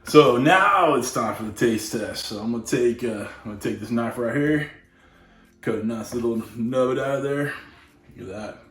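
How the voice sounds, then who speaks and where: Here the same kind of easygoing cooking channel host chats his way through a grilling demo, dropping "all right" again and again. He speaks at a moderate pace in a medium-pitched, slightly bright voice, and the room echoes noticeably.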